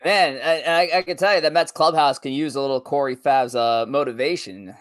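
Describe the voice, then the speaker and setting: Man co-hosting sports talk, halting. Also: a little high. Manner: hesitant, stumbling restarts. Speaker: podcast co-host.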